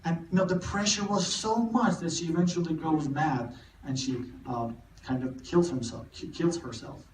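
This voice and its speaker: A man giving a live literature lecture, talking haltingly with many repeated words and restarts. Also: a little high, slight background noise. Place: cinema hall. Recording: echoey room, mic far off.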